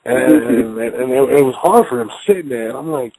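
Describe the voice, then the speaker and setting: A man hosting a call-in show, talking casually, loudly and profanely, often repeating words as he rambles. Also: medium pitch, lively intonation, fairly quick, low-quality recording. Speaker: show host.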